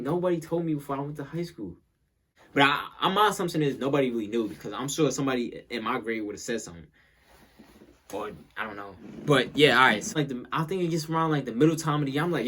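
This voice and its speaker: A man's voice: mid-range voice, fairly bright tone, husky. A young man telling a casual storytime, rambling and repeating himself as he acts out what people said.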